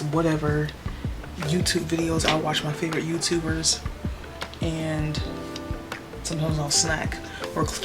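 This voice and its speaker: Young woman vlogger, chatty and upbeat, home-office vlog with music under her voice. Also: low voice. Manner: chatty, upbeat, uses y'all. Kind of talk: casual vlog chat. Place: small bedroom home office.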